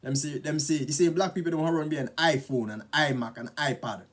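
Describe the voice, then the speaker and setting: A man with a Jamaican accent talking casually to camera in a relaxed, chatty way, slipping into patois and often asking "you know?". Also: on the high side, fairly quick, breathy edge. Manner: relaxed, chatty, mixes patois into English, frequent tag questions. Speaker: vlogger. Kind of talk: casual spoken monologue to camera.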